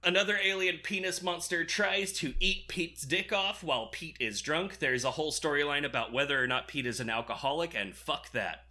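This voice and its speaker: A man's voice: fairly high pitch, normal speed, few pauses. Sarcastic man recapping a bad film. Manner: sarcastic, deadpan plot summary with frequent "uh". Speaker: podcast co-host. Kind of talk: casual movie recap.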